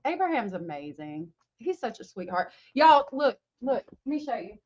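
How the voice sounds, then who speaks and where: A woman hosts a casual livestream and chats along, gushing and greeting her viewers by name. Her voice sits fairly high. Her webcam mic gives the sound a dull, lo-fi quality. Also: very animated, moderate pace, a little mellow. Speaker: livestream host.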